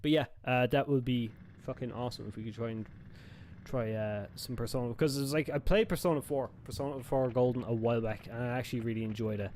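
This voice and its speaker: A man's voice: mid-range voice, quick pace, a little mellow, a little hiss or hum. A man chatting casually on a live gaming stream, rambling and swearing as he goes and often correcting himself mid-sentence. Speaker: game streamer.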